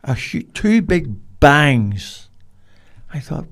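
A man's voice: medium pitch, moderate pace, creaky, a little mellow. An older man, a podcast guest telling rambling, colloquial stories in a casual interview. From Cork, Ireland.

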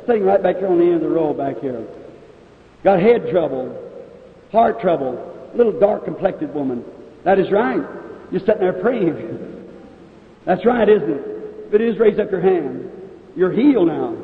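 High-voiced guy preaching at a healing revival, long hall echo, sounds like a thin old phone-quality tape. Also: lively intonation, a little slow, long pauses. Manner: addresses audience members directly, calls out ailments. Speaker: evangelist preacher. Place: large meeting hall. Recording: echoey hall on a tinny old 1950s tape.

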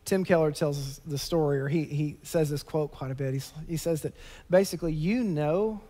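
A pastor with a drawl and a mellow voice that sits high for a man delivers a sermon at normal speed from the pulpit. He shifts between easy, conversational explanation and fervent, emphatic bursts, his words echoing through a church sanctuary with long reverb.

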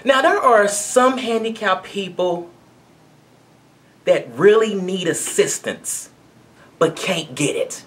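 A woman's voice: medium pitch, lively intonation, slow pace, long pauses. A woman giving a blunt, conversational commentary rant to camera as a video blogger.

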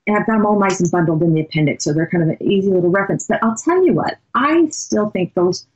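A woman's voice: mid-range voice, quick pace, dull audio. A woman guest on a podcast, telling a story animatedly and conversationally. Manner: animated, many "you know" fillers.

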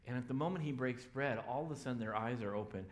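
A man's voice: mid-range voice, quick pace. A man preaching a sermon as a pastor in a church, telling the story casually and acting out the voices of the people in it. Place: church sanctuary.

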